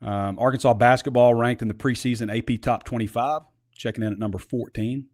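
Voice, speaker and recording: A man's voice: medium pitch, steady tone, fairly quick, a little mellow, no echo, clean studio sound. A man hosting a casual sports talk show, talking in a conversational, rambling way with asides.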